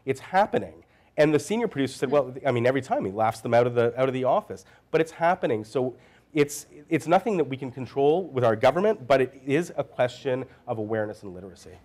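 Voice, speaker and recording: A man on a panel, making his point through an animated anecdote. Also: medium pitch, fast talker. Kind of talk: panel discussion answer.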